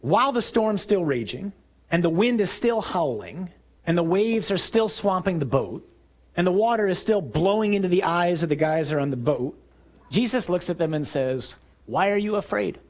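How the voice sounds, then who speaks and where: A man preaching a sermon, telling stories vividly and acting out scenes, rising to shouts and dropping low and quiet for emphasis. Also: expressive, normal speed. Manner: storytelling, acts out scenes with raised shouting voice.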